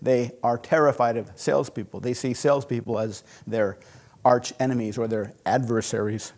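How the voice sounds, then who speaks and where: A man teaching sales psychology through a conversational, animated personal story. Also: mid-range voice. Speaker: sales instructor. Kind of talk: storytelling lesson.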